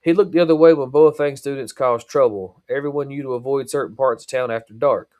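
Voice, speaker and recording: A man reading aloud and voicing a nervous but brave young woman who speaks quietly and earnestly. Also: mid-range voice, brisk, no echo, clean studio sound, natural voice.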